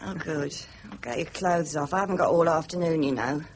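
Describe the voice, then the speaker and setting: An actress playing a brisk, worldly prostitute with a blunt, mocking, businesslike manner, in 1950s radio drama style. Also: female voice, deep voice, a little hiss or hum, natural voice, poor audio. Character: brisk worldly London prostitute, middle-aged woman.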